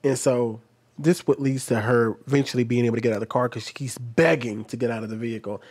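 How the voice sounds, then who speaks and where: A man's voice: mid-range voice, steady tone, quick pace, a little mellow, husky. A man hosting a casual reaction video, talking loosely and rambling with restarts, close to his microphone. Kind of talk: casual commentary. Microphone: desk microphone close up.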